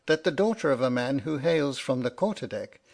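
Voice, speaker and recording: A man's voice: mid-range voice, animated, normal speed, vocal fry. A man voicing a lovesick young sailor in an audiobook reading, earnest and wistful.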